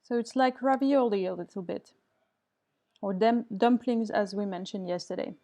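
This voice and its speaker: A woman's voice: mid-range voice, normal speed, warm tone. A woman teaching an online English class, reading student answers aloud and commenting kindly, switching to to correct mistakes. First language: French.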